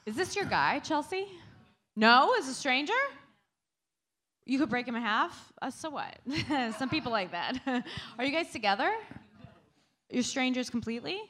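A woman teasing audience members with playful questions at a live comedy show. Her voice is fairly high. Its pitch rises and falls a lot. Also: expressive, normal speed, pauses often, a bit bright. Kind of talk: live stage banter.

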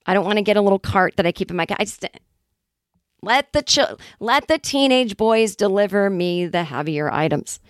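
A woman in her forties hosting a comedy podcast, telling a casual monologue in a chatty, wry way with quick acted-out asides. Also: mid-range voice, expressive, dry recording, studio quality. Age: 40s. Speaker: podcast host.

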